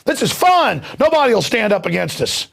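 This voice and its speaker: A male talk show host delivering an angry, heated political rant, mocking and shouting at times. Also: sits high, sing-song, brisk, gravelly.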